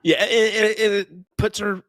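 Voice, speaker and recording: A man's voice: high voice, little pitch movement, measured pace, a bit bright, no room sound, clean studio sound. A man from Kansas doing chatty live commentary on a darts match, laughing often and using folksy sayings.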